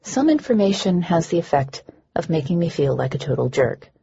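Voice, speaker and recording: A woman's voice: lowish voice, sing-song, normal speed, vocal fry, warm tone, breathy edge, muffled recording. A woman narrating a first-person audiobook in a dry, wry manner.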